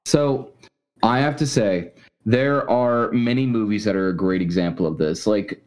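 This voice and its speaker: A man's voice: lowish voice, a little slow, darkish tone. A man co-hosting a casual movie review podcast, talking bluntly and with a lot of swearing. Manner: blunt, profane and ranting. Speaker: podcast co-host.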